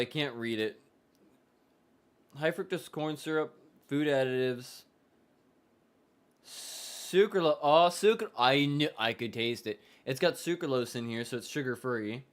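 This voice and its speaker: A man's voice: medium pitch, fairly bright tone. A man streaming a casual live reaction to a football game, chatting loosely and trailing off into restarts as he goes.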